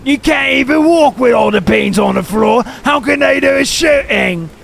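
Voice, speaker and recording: A rowdy young street lad barking in a thick mock London accent, as a man puts him on. The voice jumps high above his usual register and goes loud and shouty, with a gravelly edge. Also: normal speed, heavily acted. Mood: rowdy, taunting.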